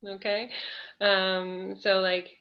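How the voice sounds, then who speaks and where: A woman energy healer guiding a listener gently, with a coaxing, hesitant way of talking. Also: mid-range voice, little pitch movement, takes it slowly. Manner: gentle, coaxing, many fillers and laughs. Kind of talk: live energy healing session. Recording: dull lo-fi audio.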